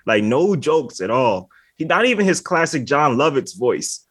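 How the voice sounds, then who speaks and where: A man's voice: mid-range voice, very animated, normal speed, a bit bright, slightly rough. A man co-hosting a casual podcast chat, rambling and filling his talk with "like" while laughing often. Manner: rambling, heavy on filler words, laughs often. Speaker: podcast co-host.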